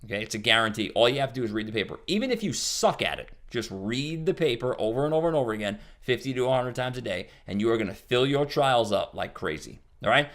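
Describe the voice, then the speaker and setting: A man's voice: medium pitch, lively intonation, quick pace, hardly any pauses, fairly bright tone. A man teaching a sales lesson, talking emphatically, repeating key points and checking in with "okay?" and "right?". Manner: emphatic, repetitive coaching with frequent "okay?" and "right?". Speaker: sales trainer. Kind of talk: recorded sales training lesson.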